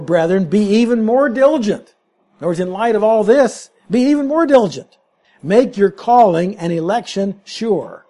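A man's voice: a little high, mellow, husky. A man preaching an expository sermon, emphatic as he explains scripture word by word.

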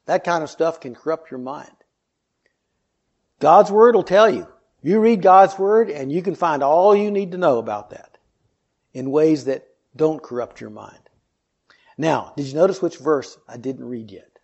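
A man's voice: fairly high pitch, lively intonation, measured pace, a little mellow, lo-fi sound. A man preaching an earnest sermon, reading scripture and explaining it with rhetorical questions.

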